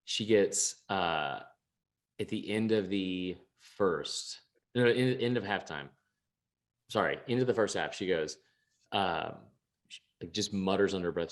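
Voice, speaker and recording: Rambling, swearing young man, low voice. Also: moderate pace. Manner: rambling, swears a lot, many restarts, laughs at himself. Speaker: podcast co-host. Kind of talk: casual chat.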